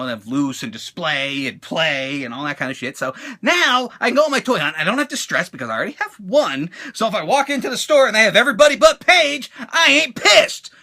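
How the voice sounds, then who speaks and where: A man's voice: sits high, creaky, sharp tone. A man with an American accent in his thirties, a toy-collecting vlogger answering fan questions in a rowdy, profane, joking way, squealing when he acts out what people said. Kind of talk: casual Q&A vlog.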